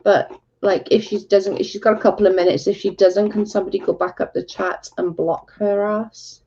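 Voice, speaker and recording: A woman's voice: medium pitch, steady tone, moderate pace, warm tone, a little hiss or hum. Exasperated woman ranting on a stream. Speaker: livestream host. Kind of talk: casual livestream chat. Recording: dull lo-fi stream audio.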